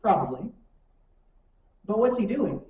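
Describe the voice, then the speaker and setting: A woman's voice: medium pitch, sing-song, measured pace, lo-fi sound. A woman teaching a conversational church lesson, often asking her class rhetorical questions. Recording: echoey room from far mic.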